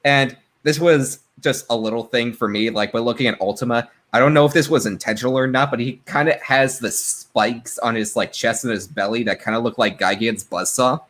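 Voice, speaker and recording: A man's voice: medium pitch, a little fast, hardly any pauses, fairly bright tone. A man chatting casually as a podcast panelist, rambling with lots of fillers. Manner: laughing, rambling with many fillers. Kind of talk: casual group chat.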